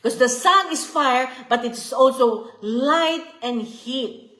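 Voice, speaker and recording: A woman's voice: high-pitched, slow, bright, forceful tone, roomy sound. A woman giving an earnest devotional teaching, often repeating herself and checking in with "okay?" and "you see". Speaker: Bible study teacher.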